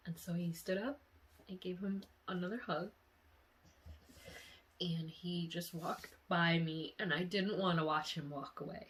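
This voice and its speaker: A young woman vlogger emotionally retelling a dream in a casual, animated way. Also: fairly low pitch, unhurried. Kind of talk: casual storytelling.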